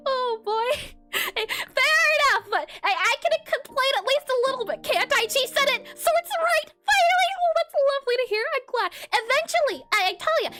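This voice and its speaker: A woman's voice: very high-pitched, fairly bright tone. A young woman streaming as she reviews viewer art, bubbly and giggly, repeating her praise. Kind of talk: casual livestream commentary.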